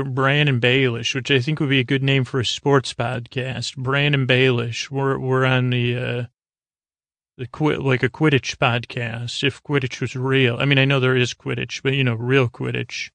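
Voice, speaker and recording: A man with a gravelly, creaky voice talks through an episode recap in a flat, level tone. He rambles and restarts often, filling pauses with "uh". The sound is dry and close, with no room around it. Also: mid-range voice, no room sound. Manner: rambling, halting, many fillers and restarts. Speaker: podcast host recapping an episode. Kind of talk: casual sleepy recap monologue.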